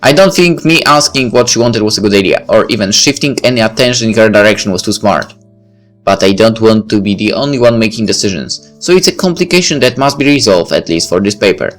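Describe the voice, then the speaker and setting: A man's voice: lowish voice, expressive, a little fast, soft background music. A man reading a visual novel aloud in first person, breaking off for casual asides. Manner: casual asides between narration. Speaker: let's play reader.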